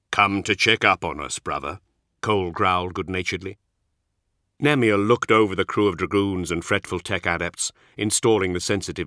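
A man reads an audiobook with a very low, steady voice that still comes out bright and forceful. The recording is close and dry, with no room sound at all. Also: no echo. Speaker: narrator. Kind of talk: audiobook narration.

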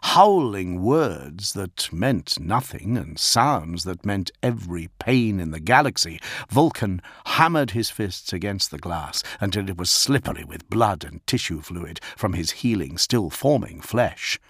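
A male narrator reading an audiobook in a measured, dramatic way. His voice sits low and husky. The recording is dry and close. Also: sing-song, a bit bright, no echo.

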